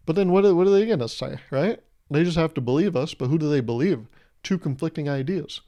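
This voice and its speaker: A man's voice: fairly high pitch, fast talker, warm tone. A young man hosting his own podcast, rambling through a casual comedic monologue and slipping into playful mock voices. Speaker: podcast host.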